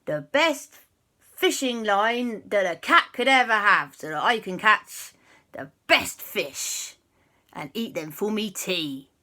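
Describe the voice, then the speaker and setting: A woman voicing a cheery young male pirate cat who talks in pirate slang and exclaims loudly. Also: mid-range voice, expressive, slow pace. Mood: jaunty.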